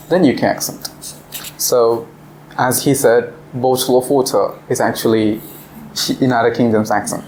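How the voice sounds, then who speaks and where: A man's voice: medium pitch, a little mellow, slight background noise, poor audio. A young man leading a casual classroom discussion, explaining step by step and laughing often. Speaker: visiting language teacher. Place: classroom in a language club.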